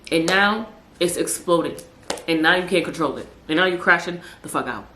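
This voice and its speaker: A young woman with a low voice hosts her podcast in a loose, emphatic monologue, stacking repeated words for stress and slipping into slang. She sounds like she is in an echoey room. A faint hum runs underneath. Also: brisk, a bit bright. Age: young adult. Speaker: podcast host. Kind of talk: casual motivational monologue.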